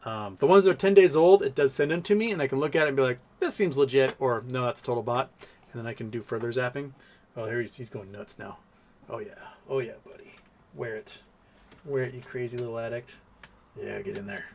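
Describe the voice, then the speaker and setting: Gravelly man chatting on a livestream. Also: medium pitch, brisk, a little mellow, slight background noise. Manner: chatty, talks to his pets and reads chat aloud. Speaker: livestream host. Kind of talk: casual livestream chat.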